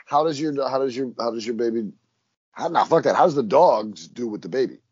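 A man's voice: medium pitch, fairly quick, breathy edge, dry recording, muffled recording. A man co-hosting a podcast in loose, casual chat, swearing freely. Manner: loose and profane, lively swings in loudness. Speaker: podcast co-host.

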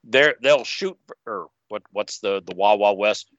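Male co-host with a sharp, bright tone; rambles and drops into quick character asides; dull, dry lo-fi sound. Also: mid-range voice, dry recording. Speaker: podcast co-host. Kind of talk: casual podcast chat.

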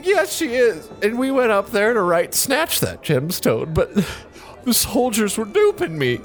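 A man voicing a tearful, naive young male dwarf sandwich maker in a tabletop game, raising his voice high and pleading. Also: very animated, measured pace, faint music behind. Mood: distraught. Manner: sobbing, pleading, high and wobbly.

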